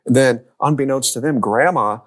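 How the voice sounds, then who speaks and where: A man who works as a youth and family coach, talking on a podcast as a lively storyteller who acts out quoted lines. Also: medium pitch, moderate pace. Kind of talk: podcast conversation.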